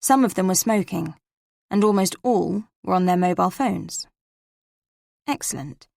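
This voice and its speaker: Gravelly woman reading a cozy mystery. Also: lowish voice, a little slow, mellow, no room sound. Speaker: audiobook narrator. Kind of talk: scripted first-person narration.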